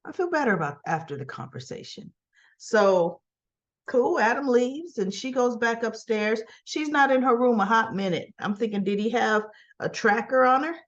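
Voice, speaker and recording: A woman's voice: on the high side, lively intonation, normal speed, highs cut off. A woman casually recapping a soap opera episode in a chatty way, acting out the characters' lines and often asking "right?".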